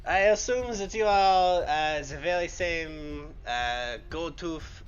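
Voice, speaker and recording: A man's voice: fairly high pitch, slow pace, a little hiss or hum. A man playing a haughty male pirate who talks in a formal, condescending way, on slightly muffled stream audio.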